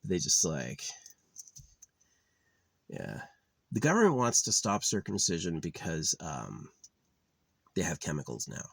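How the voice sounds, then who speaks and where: A man's voice: sits low, huge pitch swings, unhurried, creaky, long pauses, breathy edge, no room sound. A man ranting profanely in a casual monologue, exasperated and mocking the people he argues with. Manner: profane, exasperated, mocks others in put-on voices. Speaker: vlogger.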